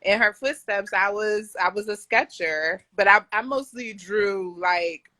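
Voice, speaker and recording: A woman guest in a casual interview chat, relaxed and quick to laugh. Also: mid-range voice.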